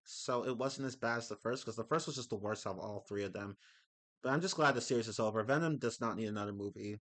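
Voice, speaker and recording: A man's voice: medium pitch, a bit bright. A man ranting casually on a livestream, rambling with many restarts and laughing as he talks. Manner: rambling, restarts often, laughs into his words. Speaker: streamer.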